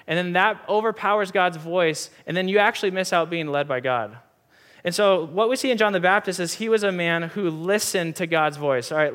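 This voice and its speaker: Earnest higher-voiced male preacher. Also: fairly bright tone. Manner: earnest, emphatic, repeats key lines for stress. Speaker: pastor. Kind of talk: sermon. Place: church hall with audience.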